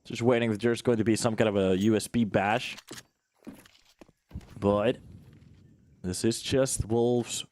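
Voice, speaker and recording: A man calls a live esports match, his fairly low voice jumping up whenever the action heats up. He talks to the viewers in a chatty, joking way between plays. A faint hiss sits under the recording. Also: fairly even intonation, a little slow, pauses often, a little mellow. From Finland. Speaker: esports commentator. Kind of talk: live game commentary.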